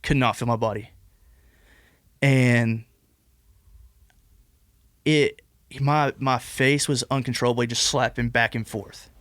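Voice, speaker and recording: A man's voice: mid-range voice, steady tone, takes it slowly, pauses often, a bit bright, dry recording, studio quality. A man in his twenties, a podcast guest telling a long personal story in a casual, rambling way, full of "like" and restarts. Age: 20s. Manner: rambling, heavy use of "like" and restarts.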